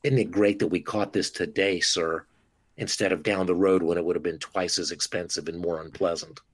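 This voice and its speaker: A man who is a dentist, talking as a guest on a podcast interview in an expressive, animated way and acting out talks with patients. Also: low voice, moderate pace, husky, no room sound.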